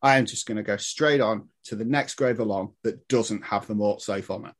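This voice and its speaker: A man explaining history in casual podcast chat, animated and swearing, laughing at his own points. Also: on the low side, normal speed. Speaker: guest historian.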